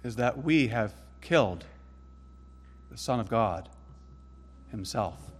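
A man preaching a sermon in an earnest way, rising to emphatic peaks and then dropping low and soft. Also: expressive, slow pace, slightly rough.

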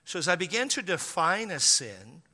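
Middle-aged pastor guy rambling through a story from the pulpit, kinda high bright voice, long echo off a big hall. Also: very animated, moderate pace. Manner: conversational, rambling, with frequent restarts; talks straight to the congregation, playful asides. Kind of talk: storytelling sermon.

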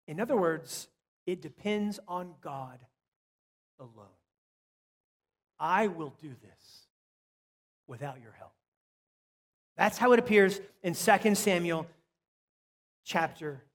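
A high-voiced male pastor preaches a sermon, stressing and repeating key phrases before dropping into quiet asides. A long reverb surrounds his voice, like a church sanctuary.

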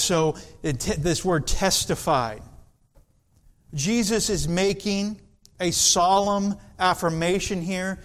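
A man preaching a sermon in an earnest, deliberate way, with dramatic pauses. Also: high voice.

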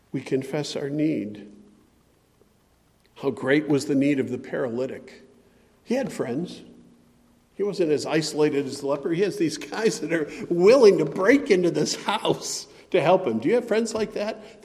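A man preaching a sermon with impassioned, pleading delivery that swings between loud and soft. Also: on the high side. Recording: long hall reverb.

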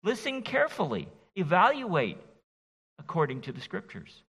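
A middle-aged man preaches an expository sermon with a bright, forceful voice and lively, rising and falling inflection. He is folksy and teasing with his listeners. The sound carries a long echo from a church sanctuary. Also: high-pitched, normal speed, breathy edge. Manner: animated, folksy, jokes with the congregation. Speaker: pastor. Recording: reverberant church hall.

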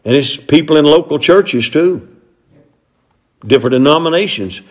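A man's voice: a little high, lively intonation, moderate pace. An older man, preaching a sermon in a folksy way with frequent amens. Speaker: pastor.

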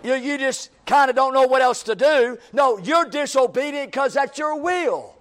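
A man's voice: very high-pitched, normal speed, a bit bright. A male preacher, delivering a sermon in a church with a repetitive, emphatic cadence.

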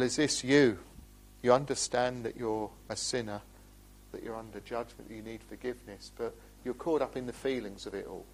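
A man preaching a sermon, earnest, his voice rising for emphasis and dropping low. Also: low-quality recording.

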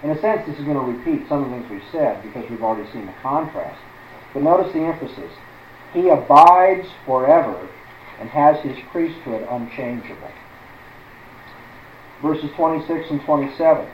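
A man's voice: mid-range voice, brisk, roomy sound, muffled recording, slight background noise. A man teaching through a Bible passage as a preacher, stressing words one by one and putting questions to his listeners.

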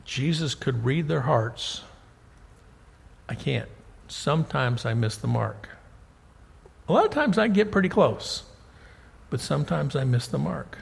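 A man's voice: mid-range voice, sing-song, a little slow, vocal fry, pauses often, husky. A middle-aged man preaching a conversational sermon to a congregation, often repeating words and checking in with his listeners. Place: church hall. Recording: hall reverb.

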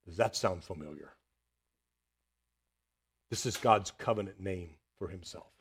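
A man preaching a sermon, reading scripture aloud and dropping quiet and low for the words of God. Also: measured pace, pauses often, husky. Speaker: pastor.

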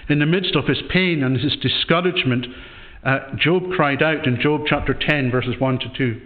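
A man's voice: on the high side, moderate pace. A man preaching a sermon in a church, in an earnest, questioning way with frequent restarts. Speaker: pastor. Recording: tinny phone-like sound.

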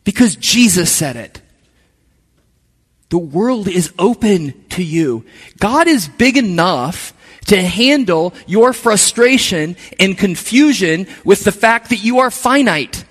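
Sitting high with a fairly bright tone, a middle-aged pastor's voice carries an earnest sermon through a reverberant church sanctuary. He performs the quoted voices as he goes.

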